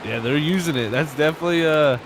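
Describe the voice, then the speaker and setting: A man's voice: on the high side, fast talker, slight background noise. A young man commentating a sim race live, chatty and joking, with lots of fillers. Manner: casual, joking, filler-heavy.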